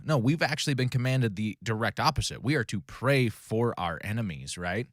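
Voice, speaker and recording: A man's voice: fairly low pitch, expressive, a little fast, hardly any pauses, fairly bright tone, no room sound, clean studio sound. A man teaching a casual Bible study, talking through a passage conversationally with frequent fillers, self-corrections and "right?" check-ins.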